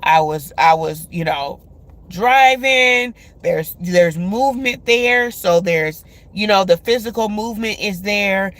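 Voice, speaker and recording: A woman's voice: medium pitch, slow pace, a bit bright. Woman host for a casual spiritual love reading, chatty, filler-heavy, addresses viewers directly. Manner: chatty, many filler words.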